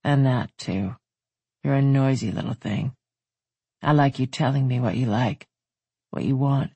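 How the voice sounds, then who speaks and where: A narrator voicing a strong, tender, confident man who talks in a low rumbling murmur, read in a dry, husky voice. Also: unhurried, mellow, no room sound. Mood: teasing.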